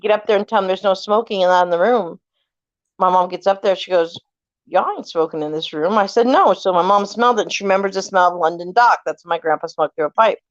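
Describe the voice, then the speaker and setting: A woman's voice: mid-range voice, fast talker, no echo. Woman in her 40s, chatty storyteller who voices every quote, dry close sound, dull lo-fi recording. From California. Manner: animated, acts out quoted voices, swears casually. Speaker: family member telling ghost stories. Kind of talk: casual storytelling chat.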